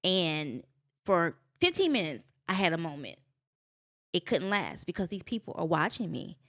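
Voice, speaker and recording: A middle-aged woman, a podcast guest, telling personal stories in an animated, expressive way, acting out quotes and speaking with faith. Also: on the low side, normal speed. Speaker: guest, business owner.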